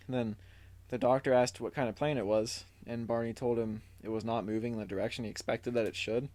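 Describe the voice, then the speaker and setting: On a podcast he co-hosts, this man reads through his notes while telling a story, recapping and quoting aloud in a casual, filler-filled way. His voice is medium-pitched, a little mellow, fairly even, and slightly quick.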